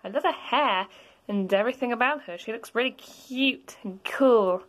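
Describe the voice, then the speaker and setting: A woman's voice: a little high, moderate pace, close to an everyday voice. A woman playing a cheeky young goat boy. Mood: smitten. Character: cheeky young male goat kid, rude to his mother.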